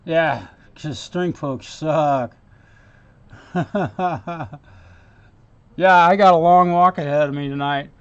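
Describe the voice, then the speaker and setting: A man's voice: a little high, slow pace, long pauses, clean tone, dull audio. A man working as a guitar repair technician, thinking aloud and chatting casually with viewers as he works in his workshop. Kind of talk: casual workshop stream talk.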